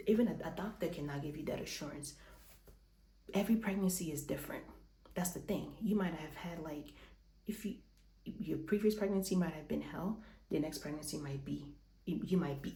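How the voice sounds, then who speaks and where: A woman's voice: sits low, normal speed, dark tone, roomy sound. A woman recapping a reality show in a casual, opinionated chat, a little out of breath, with restarts and sighs.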